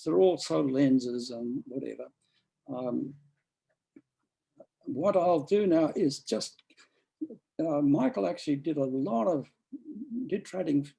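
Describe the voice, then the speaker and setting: A man's voice: fairly high pitch, creaky, warm tone, husky, rough recording. A man giving an academic seminar talk, rambling with frequent restarts and fillers. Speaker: lecturer.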